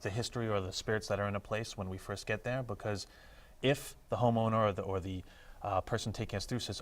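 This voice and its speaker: A man's voice: fairly low pitch, steady tone, fast talker. A man appearing as a paranormal investigator on a TV talk show, thoughtfully explaining his ideas at length. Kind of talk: casual studio chat. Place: public-access TV studio.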